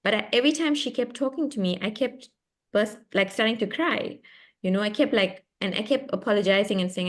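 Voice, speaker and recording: A young South African woman speaks over a video call in a middle-pitched voice. She is an author telling her story with lively energy. She laughs easily and interrupts herself as she goes. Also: a little fast. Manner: animated, laughing, lively and expressive, with self-interruptions. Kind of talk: storytelling in a book club chat. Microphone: computer mic on a video call.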